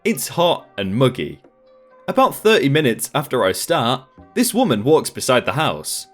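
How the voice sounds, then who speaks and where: A man hosting a storytime channel, reading online stories aloud in a lively, expressive scripted narration. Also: mid-range voice, normal speed, faint music behind.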